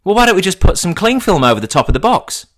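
A man's voice: sits high, sing-song, quick pace, fairly bright tone, voice pushed up, exaggerated voice. A man putting on the voice of his dim, cheerful woman friend, breezy and unbothered.

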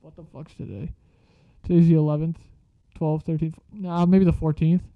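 A man's voice: a little high, little pitch movement, moderate pace, gravelly, no echo. A young man telling school stories in a casual, profane, slang-heavy rambling way. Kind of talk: casual storytelling vlog. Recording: dry muffled lo-fi recording.

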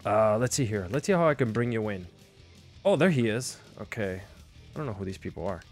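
A man's voice: lowish voice, lively intonation, a little fast, darkish tone, faint music behind. Chatty young man hosting a livestream. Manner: chatty, self-deprecating, loose with fillers. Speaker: livestream host. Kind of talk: casual livestream chat.

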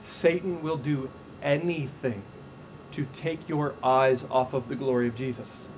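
A man preaching a sermon as a pastor, telling stories in a casual, animated way with frequent restarts. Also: medium pitch, a little slow, background noise.

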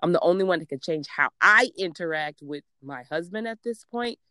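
A woman's voice: on the low side, expressive, moderate pace, pushed and bright, no room sound, studio quality. A young woman from Georgia co-hosting a podcast, speaking in an earnest, motivational way in casual chat. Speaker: podcast co-host.

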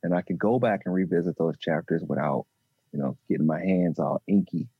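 A man answers questions as a podcast guest, speaking haltingly with plenty of restarts. His voice sits very low, with a gravelly and husky edge. The recording is dry and a little dull. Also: dry recording. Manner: halting, with many restarts and fillers. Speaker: relationship and mindset coach. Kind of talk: podcast interview.

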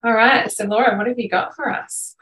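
A woman hosting a live online workshop, gushing and encouraging in a soft voice. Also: on the high side, steady tone, a little fast, slight background noise. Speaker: host. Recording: echoey room, distant from mic.

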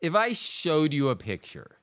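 A man's voice: on the high side, huge pitch swings, measured pace, fairly bright tone. A man co-hosting a podcast, chatting casually in a rambling, jokey way that runs off on tangents. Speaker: podcast co-host.

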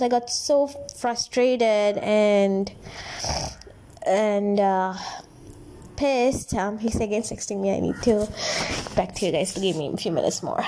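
A woman's voice: on the high side, warm tone, slight background noise. Candid young woman confiding to viewers. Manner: candid, rambling, emotional confiding. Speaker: vlogger. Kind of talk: casual storytime vlog.

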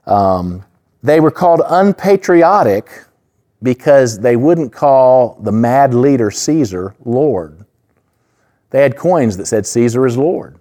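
A man's voice: medium pitch, expressive, takes it slowly, mellow. A man preaching a sermon in an earnest, conversational way, full of asides and fillers. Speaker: pastor.

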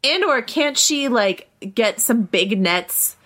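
A woman co-hosting a casual podcast discussion, animated and chatty, with quick asides. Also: on the high side. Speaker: podcast co-host.

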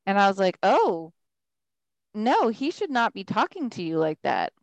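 A woman's voice: mid-range voice, big pitch swings, unhurried, gravelly, dry recording, rough recording. A woman co-hosting a podcast in casual chat, speaking firmly and giving advice. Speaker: podcast co-host.

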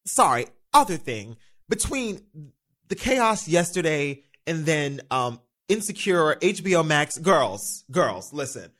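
A young man from the United States hosting a casual solo podcast, chatty and animated, swearing freely. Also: a little high, unhurried. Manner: animated, chatty, swears freely, quotes himself in little voices. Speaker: podcast host.

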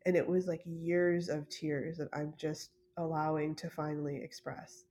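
Low, flat-voiced woman telling a personal story. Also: moderate pace, hardly any pauses, a little hiss or hum. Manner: soft, hesitant, many fillers and restarts. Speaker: podcast host.

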